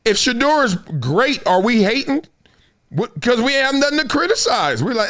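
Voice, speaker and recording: With a high voice and a fairly quick delivery, the middle-aged host of his own show chats casually before a live audience. He keeps it animated, laughing often and putting on voices.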